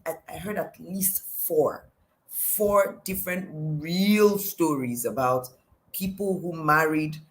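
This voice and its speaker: On a low-quality recording, a middle-aged life coach with a Nigerian accent gives a devotional coaching talk in a low-sitting voice. She asks question after question emphatically, repeating "why."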